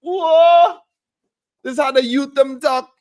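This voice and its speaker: A man doing a brash young Caribbean street youth, loud and high with a playful patois. The voice sits well above a normal speaking register and comes across as teasing and full of swagger. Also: takes it slowly, no room sound, clean studio sound. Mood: mock-indignant. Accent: Caribbean (put on).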